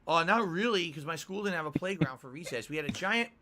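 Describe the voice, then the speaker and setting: A livestream host talking casually through chat questions, sarcastic and quick to mock himself. His voice sits a touch high and bright, and his pitch swings in a very lively way. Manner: sarcastic, self-mocking, with stumbling restarts. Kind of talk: casual live-stream chat, reading chat questions.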